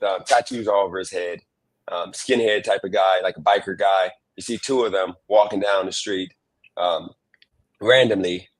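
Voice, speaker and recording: A man's voice: lowish voice, rough recording. A man hosting a livestream interview, asking questions in an easygoing, meandering way full of ums.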